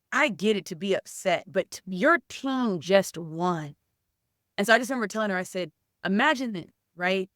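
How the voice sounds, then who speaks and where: A middle-aged woman with a smooth, clear voice speaks casually in an interview. She tells stories with a lot of "like" fillers and acts out what people said. The sound is dry and close. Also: mid-range voice, no room sound. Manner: animated storytelling, many "like" fillers, acts out quoted speech. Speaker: softball coach and former college player.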